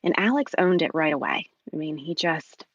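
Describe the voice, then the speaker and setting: Lower-voiced woman telling her story, dull recording. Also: lively intonation, husky, no room sound. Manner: emotional, many ums, earnest and halting. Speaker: guest. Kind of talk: personal storytelling interview.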